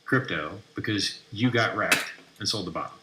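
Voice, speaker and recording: A man's voice: fairly low pitch, moderate pace, noisy background. A man hosting a live stream, brashly mocking and trash talking as he reads through posts. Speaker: livestream host. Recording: roomy echoey room.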